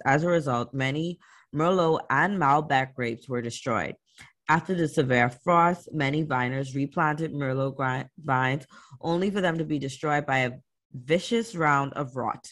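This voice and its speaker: A host reads wine history from a script in a steady, mid-pitched voice. Now and then they break into loose, slangy asides, then go back to reading. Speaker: podcast host.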